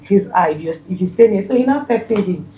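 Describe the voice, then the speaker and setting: Nigerian woman in her thirties, laughing storyteller, roomy echo, lively. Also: mid-range voice, fast talker. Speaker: podcast guest. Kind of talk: casual storytelling chat.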